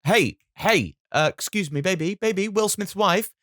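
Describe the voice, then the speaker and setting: Man doing a squeaky, oblivious movie-star impression. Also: expressive, normal speed, a bit bright, no room sound, studio quality. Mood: oblivious boasting. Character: self-absorbed male movie star, boastful and oblivious.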